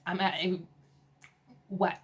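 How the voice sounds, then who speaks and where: A woman recapping a reality TV episode in a casual, sassy and animated way, with slang and laughter. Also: lowish voice, slow, noisy background. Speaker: TV episode reviewer.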